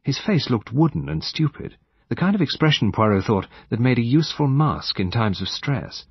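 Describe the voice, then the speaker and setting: A man narrates an audiobook in a low, husky voice, with an expressive, dramatic reading. His pitch moves a lot, and the recording sounds dry and dull, as if lo-fi. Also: normal speed, no room sound.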